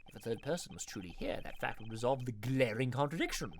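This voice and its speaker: A man voicing a composed, logical male prosecutor for a fan voice-over of a game, speaking in a measured way. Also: medium pitch, expressive, slight background noise, voice pushed down, lightly acted. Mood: reasoning. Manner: measured, deliberate reasoning.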